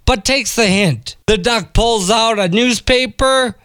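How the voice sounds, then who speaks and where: A man's voice: high-pitched, takes it slowly, clean tone, dry recording, studio quality. A man, co-hosting a comedy show and telling a long joke, acting out the lines of its characters. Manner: animated storyteller, acts out the dialogue.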